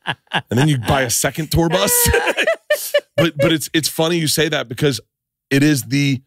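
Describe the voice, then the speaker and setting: A man's voice: fairly high pitch, normal speed, slight background noise. A man hosting a podcast in casual chat, telling stories with lots of swearing and acting out the scenes himself. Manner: animated storyteller, swears freely, acts out scenes. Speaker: podcast host.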